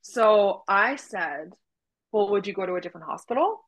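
A woman's voice: mid-range voice, moderate pace, low-quality recording. A woman, a doula, telling a story in casual podcast chat, acting out quoted dialogue. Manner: animated retelling with quoted dialogue and laughs.

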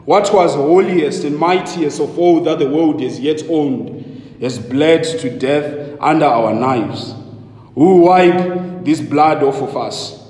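A man's voice: fairly high pitch, takes it slowly, a little mellow. A preacher doing an anguished madman. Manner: impassioned rhetorical questioning. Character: frantic lantern-bearing madman, male, anguished. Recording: echoey hall with long reverb.

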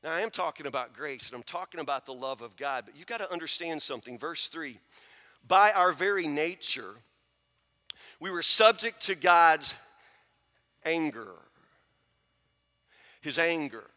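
A man's voice: high voice, expressive, moderate pace, bright, forceful tone, in a large hall. A man preaching a sermon as pastor, emphatic, repeating his phrases and asking the listeners questions.

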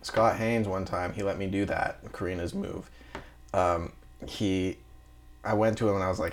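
Low-voiced man telling rambling sea stories. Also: steady tone, moderate pace. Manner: rambling storyteller who acts out dialogue and laughs. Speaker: guest, marine engineer.

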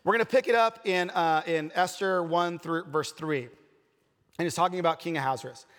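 A man's voice: on the high side, moderate pace, a bit bright. A man preaching a casual, conversational sermon, telling personal stories in an earnest way with many fillers and restarts. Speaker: pastor. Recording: long reverb of a large hall.

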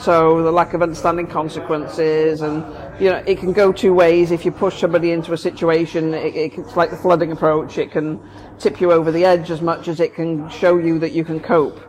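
A woman's voice: deep voice, little pitch movement, brisk, few pauses, a little mellow, a little hiss or hum, rough recording. A woman, a therapist co-hosting a casual talk, explaining her ideas thoughtfully with examples. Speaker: therapist, podcast co-host. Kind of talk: casual conversation.

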